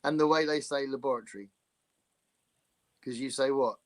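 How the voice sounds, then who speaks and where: In a casual livestream chat, a male podcast co-host speaks with medium pitch at a moderate pace. His manner is jokey; he reads viewers' comments aloud and mimics them in fun.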